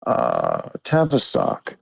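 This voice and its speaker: A man's voice: very deep voice, wildly swooping pitch, extremely slow, gravelly, slightly rough, no room sound. A very tired man rambling in casual livestream chat, swearing and making jokey asides, on muffled audio. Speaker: guest.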